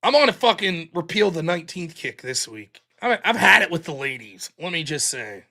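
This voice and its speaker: A man's voice: a little high, sing-song, normal speed, gravelly, sharp tone. A man hosting a live stream, ranting casually with plenty of profanity.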